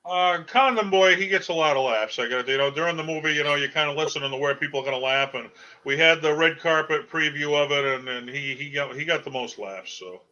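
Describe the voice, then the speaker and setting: A man's voice: a little high, a little fast, pushed and bright. A middle-aged man with a Boston accent, a comedian chatting as a guest on a video call, promoting his work with lots of "uh" fillers. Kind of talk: casual interview talk. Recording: dull lo-fi sound.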